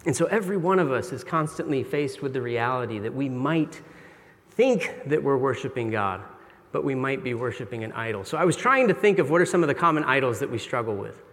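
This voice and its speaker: A man's voice: medium pitch, expressive, brisk, a bit bright. A middle-aged man preaching a sermon in an earnest, confessional, conversational way. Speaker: pastor. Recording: long reverb of a large hall.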